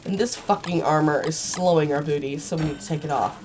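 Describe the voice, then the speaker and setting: A woman commentating her own gameplay, swearing and yelling at the screen in sudden bursts, sometimes putting on a playful old-fashioned voice, on a cheap mic. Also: deep voice, a little fast, background noise. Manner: excitable, swears a lot, sudden outbursts. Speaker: gaming channel host. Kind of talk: solo game commentary. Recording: cheap mic, faint game music.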